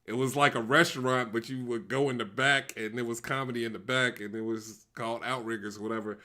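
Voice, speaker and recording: A man's voice: medium pitch, a little fast. A man, a comedian, casually telling a story about his early stand-up days and laughing often. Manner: animated, laughs through his stories. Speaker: comedian co-host.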